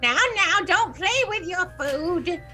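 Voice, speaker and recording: Woman playing a creepy vampire grandma, squeaky high, bright voice, draaaws it out. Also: faint music behind, exaggerated voice. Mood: doting babushka. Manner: slow, high, lilting old-lady voice. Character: ancient cryptic vampire grandmother, doting and eerie.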